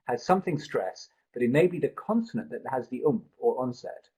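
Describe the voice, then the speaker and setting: A man's voice: medium pitch, lively intonation, brisk, warm tone, breathy edge, poor audio. A man tutoring a live online pronunciation seminar, explaining at length and thinking aloud with restarts, speaking into a computer mic.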